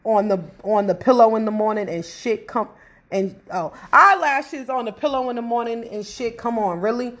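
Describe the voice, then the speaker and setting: Animated high-voiced woman podcast host. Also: moderate pace. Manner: animated, laughing, talking to listeners. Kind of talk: casual chat.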